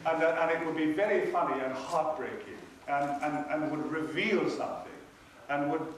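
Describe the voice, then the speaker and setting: An older man with a fairly high voice tells wry, theatrical stories as a panel guest. He is heard from far off, with heavy echo from a large hall and noise under him. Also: moderate pace. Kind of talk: anecdotal storytelling to an audience. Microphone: recorded from far off by an audience camera. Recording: echoey hall from far off, noisy.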